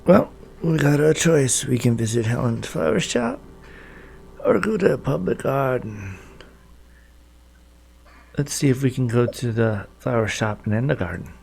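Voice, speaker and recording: A man's voice: medium pitch, expressive, a little slow, vocal fry, pauses often, a little mellow, a little hiss or hum. A man casually commenting to his viewers as he plays through a story game. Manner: folksy, chatty, talks to viewers. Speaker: gaming video host.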